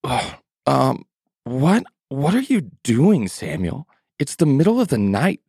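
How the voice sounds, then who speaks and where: A man's voice: medium pitch, wildly swooping pitch, slow pace, vocal fry, a little mellow, breathy edge, no echo, studio quality, pitched above the performer's own voice, heavily acted. Man doing a groggy old priest. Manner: groggy, grumbling when woken. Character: old sleepy male temple priest. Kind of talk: storybook reading.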